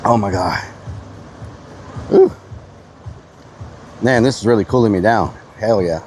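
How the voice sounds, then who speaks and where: A man's voice: on the low side, a little slow, a little mellow, soft background music. A man live-streaming outdoors in the heat, chatting playfully to his viewers and talking with his mouth full. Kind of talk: casual live-stream chat.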